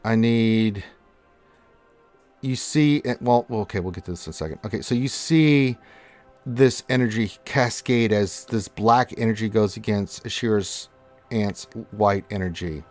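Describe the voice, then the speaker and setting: A man with a fairly low voice narrates a little slowly as dungeon master in a tabletop game, with faint music in the background. He's casual, laughs often, and uses fillers as he narrates.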